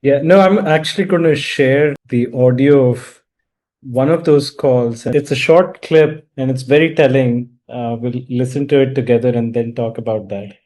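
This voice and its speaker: A man hosting an interview, asking questions in an inquisitive, halting way. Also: medium pitch, mellow. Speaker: host.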